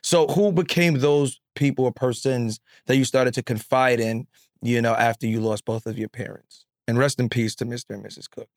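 A man's voice: mid-range voice, steady tone, normal speed, dry recording. Man hosting an interview, dry sound. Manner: open and personal, shares his own loss. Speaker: interview host. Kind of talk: casual interview chat.

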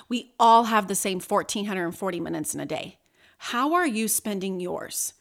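A woman's voice: medium pitch, fairly bright tone. A woman in her thirties hosting a motivational podcast, talking to listeners directly and earnestly, with a chatty manner full of "like" and "you know". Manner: conversational, many fillers like "like" and "you know". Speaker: podcast host.

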